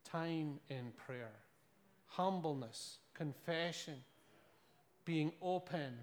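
A man's voice: fairly high pitch, very slow. A man with a Scottish accent preaching a sermon, telling stories earnestly and asking rhetorical questions.

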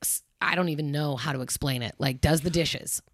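A woman's voice: low voice, brisk, no room sound, clean studio sound. A woman in her thirties hosting a podcast, chatting casually about relationships and laughing easily. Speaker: podcast host.

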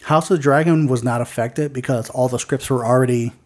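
A man's voice: medium pitch, steady tone, fairly quick. A man co-hosting a casual podcast, reading news items aloud with lots of fillers and stumbles. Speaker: podcast co-host.

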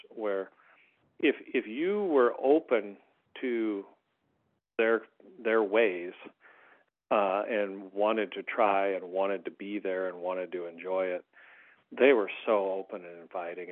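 An American man telling stories in a casual conversation as a podcast guest, his voice jumping up high when he makes a point. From United States. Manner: animated storyteller, voice rising high on emphasis. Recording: tinny phone-line sound.

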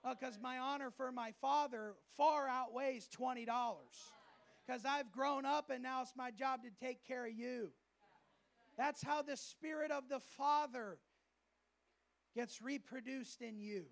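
Guy preaching in church, really high voice w some gravel, funny, acts out quotes. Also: fairly even intonation, a little slow. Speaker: pastor. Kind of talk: sermon. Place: church service.

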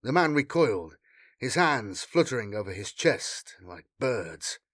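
A man narrating an action story with dramatic, expressive delivery. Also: mid-range voice, measured pace, no echo, studio quality. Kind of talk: audiobook narration.

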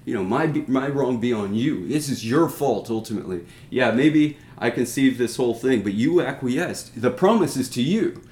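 A man with a medium-pitched, expressive, somewhat dark voice gives a conversational Bible teaching at a moderate pace with few pauses. He's earnest and explanatory, often circling back, restarting, and adding rhetorical asides as he asks listeners to notice a point. The room has a noticeable echo.

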